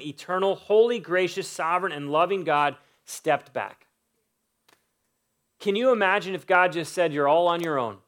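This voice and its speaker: A man's voice: on the high side, a bit bright. A man preaching a sermon, building emphatic lists and stressing key words. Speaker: pastor.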